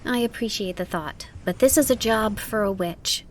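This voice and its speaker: A woman voicing a spirited, proud teenage witch girl in an audiobook, with a lively, emphatic manner. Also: mid-range voice, moderate pace, slight background noise, close to an everyday voice. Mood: resolute. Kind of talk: audiobook character voice.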